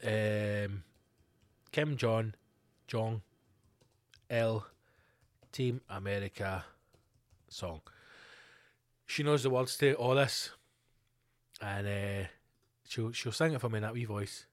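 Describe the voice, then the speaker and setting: A man's voice: on the low side, slow pace, long pauses. A man hosting his own podcast, rambling through a profane, casual solo rant full of fillers and asides. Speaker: podcast host.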